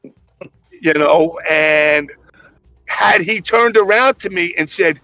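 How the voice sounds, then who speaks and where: A man's voice: high-pitched, lively intonation, takes it slowly, long pauses, pushed and bright. A man in casual podcast chat, telling stories in a blunt, profane way.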